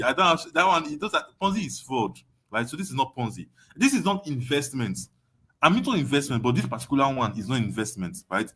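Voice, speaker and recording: A man's voice: medium pitch, very animated, fairly quick, a bit bright, slight background noise. A young adult Nigerian man teaching an online webinar, emphatic, repeating his points and often asking "you understand?". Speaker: online course tutor.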